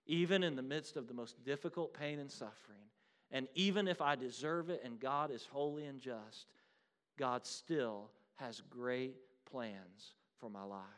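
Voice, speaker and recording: A man preaching a sermon, swinging between loud declarations and hushed, quiet lines, and calling his listeners "beloved.". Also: medium pitch, measured pace.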